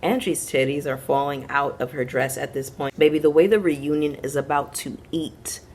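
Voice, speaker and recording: A woman's voice: low-pitched, steady tone, moderate pace, a little mellow, husky. A woman hosting a casual reality TV recap, frank and sassy with slangy asides to her viewers.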